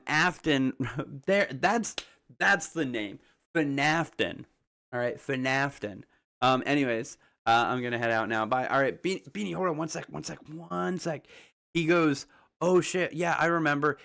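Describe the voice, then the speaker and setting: Guy rambling on his stream, lots of ums and uhs, chatting back to chat, mid-pitched voice. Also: fairly bright tone. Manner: rambling, filler-heavy, chats with viewers. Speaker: livestream host. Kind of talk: casual livestream theorizing.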